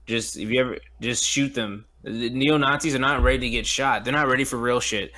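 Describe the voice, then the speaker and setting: A man's voice: mid-range voice, a little fast, over a noisy crowd. Male podcast co-host, laid-back and slangy, casual film talk. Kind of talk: casual chat recapping a film.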